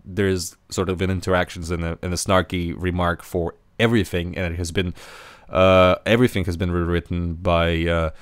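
A man's voice: sits low, little pitch movement, moderate pace, no room sound. A man hosting a casual podcast discussion, talking with many fillers and restarts. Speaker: podcast host.

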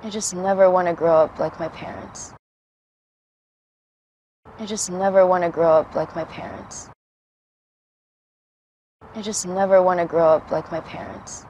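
A woman's voice: fairly low pitch, steady tone, unhurried, pauses often, warm tone, a little hiss or hum, close to an everyday voice, poor audio. An actress playing a troubled teenage girl in a TV series, earnest and brooding. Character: troubled teenage girl doubting her parents. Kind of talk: TV series dialogue.

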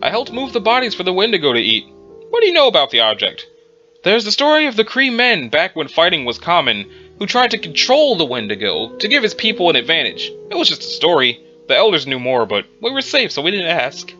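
A man playing a calm male witness quietly recounting his dealings with a monster in a measured voice. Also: sits high, lo-fi sound, soft background music, pitched above the performer's own voice, exaggerated voice.

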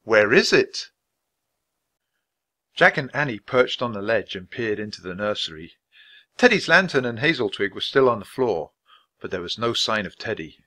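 A man reading a children's book aloud in an expressive, clear, measured way. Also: lowish voice. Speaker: storybook reader.

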